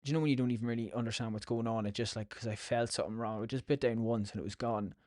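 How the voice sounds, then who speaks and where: A man's voice: medium pitch, fairly even intonation, very fast, darkish tone, dry recording, studio quality. An Irish man hosting a podcast, telling stories in a casual, rambling, sweary way. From Ireland. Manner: sweary, chatty storytelling. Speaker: podcast host.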